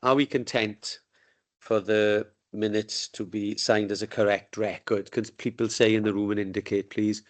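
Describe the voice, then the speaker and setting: A man's voice: lowish voice, little pitch movement, moderate pace. A man chairing a council committee meeting. He speaks in an informal, joking way, with the sound of a desk microphone in a meeting room.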